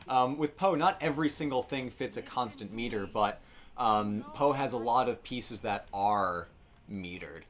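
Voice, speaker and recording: A man's voice: medium pitch, measured pace, a bit bright. Rambling man explaining over gameplay. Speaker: co-host. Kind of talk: casual chat while playing a game.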